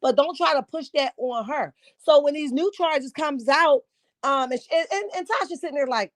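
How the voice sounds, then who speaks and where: A woman's voice: high voice, expressive, moderate pace, no room sound, studio quality. A woman hosting a casual live commentary stream from home, sassy and emphatic, often asking "right?". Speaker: livestream host.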